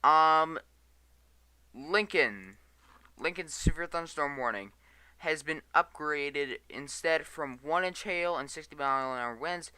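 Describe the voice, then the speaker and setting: A man's voice: on the high side, measured pace, sharp tone, clean tone, no room sound. A tired man giving live weather radar commentary, reading storm warnings aloud and stumbling over place names. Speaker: storm chaser livestreamer.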